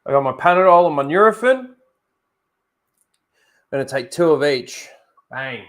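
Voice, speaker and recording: A man's voice: a little high, expressive, normal speed. A man hosting a casual livestream, rambling, correcting himself and talking straight to his viewers. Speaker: livestream host.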